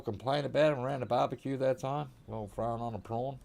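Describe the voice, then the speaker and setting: A man's voice: mid-range voice, quick pace, vocal fry, a little mellow. An Australian man casually commenting on his hunting game, joking with chat and talking to the animals. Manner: joking, chatty, talks to the animals on screen. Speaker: gaming streamer.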